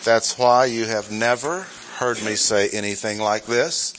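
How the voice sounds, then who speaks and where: A man's voice: on the low side, a little slow, few pauses, fairly bright tone, slight background noise. A male pastor preaching a sermon in a church, emphatic, repeating key points and asking rhetorical questions.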